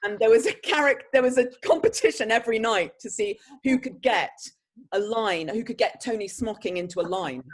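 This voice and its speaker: A woman, an actress answering interview questions with lively, laughing anecdotes. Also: on the high side, a little fast. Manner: animated storyteller, breaks into laughter. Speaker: actress guest.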